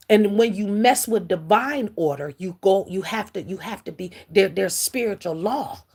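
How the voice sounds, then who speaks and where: Husky, gravelly woman giving a spiritual reading. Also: medium pitch, darkish tone. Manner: rambling, emphatic, addresses viewers as y'all and baby. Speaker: spiritual reader on a live stream. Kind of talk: live spiritual reading, casual and preachy.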